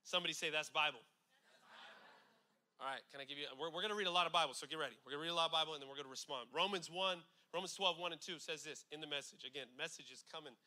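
A man from California preaching a sermon with lots of energy, casual asides, repeated lines and slow, emphatic scripture reading. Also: fairly high pitch, bright, forceful tone. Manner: conversational asides like "you know what I'm saying".

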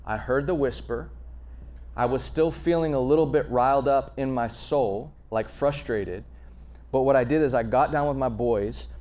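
A man preaching a conversational sermon, earnest and storytelling, swinging between emphatic lines and hushed asides. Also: mid-range voice. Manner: frequent fillers and restarts, storytelling.

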